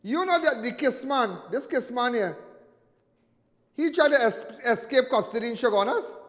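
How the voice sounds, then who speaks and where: A middle-aged man with a Trinidadian accent hosting a live call-in crime talk show, animated and emphatic, often repeating phrases for effect. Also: very high voice, normal speed, long reverb tail. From Trinidad and Tobago.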